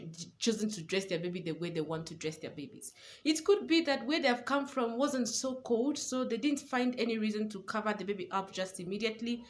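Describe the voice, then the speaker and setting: A young woman, a new mother and parenting coach, giving earnest advice to camera and repeating words for stress. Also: mid-range voice. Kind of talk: casual advice talk to camera.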